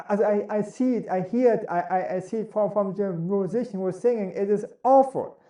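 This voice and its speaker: A man giving a spoken lesson on how to use the voice, in deliberate, non-native English and demonstrating sounds as he goes. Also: high voice, dark tone. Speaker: voice and speaking coach. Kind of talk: instructional talk on speaking. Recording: roomy echo.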